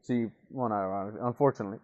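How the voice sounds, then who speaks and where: A man's voice: on the low side, racing, a little mellow, distant mic, lo-fi sound. A young man in casual podcast chat, telling rambling stories with lots of swearing. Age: young adult. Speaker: podcast co-host.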